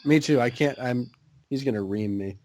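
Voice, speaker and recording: A man's voice: medium pitch, normal speed, a little mellow. A man co-hosting a podcast, chatting casually with short, dry replies. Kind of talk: casual chat.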